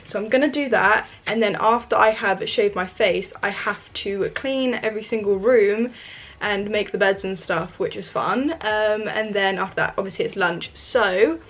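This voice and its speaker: A young woman talks casually to her camera and uses plenty of "like" and "literally". Her pitch sits in the middle range. A faint noise floor runs under her voice. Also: moderate pace, fairly bright tone, rough recording. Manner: chatty, filler-heavy, lots of "literally" and "like". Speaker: vlogger. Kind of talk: casual vlog chat.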